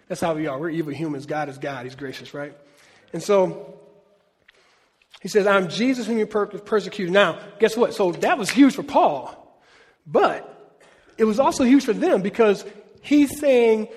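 A man's voice: high-pitched, animated, moderate pace, long pauses, darkish tone, slightly rough, long reverb tail. A middle-aged man preaching a sermon to his church, animatedly acting out biblical dialogue. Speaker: pastor.

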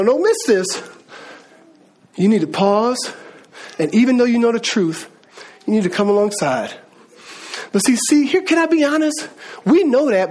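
A man preaching a sermon, animated and conversational, with sudden emphatic calls. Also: high-pitched, breathy edge. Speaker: pastor.

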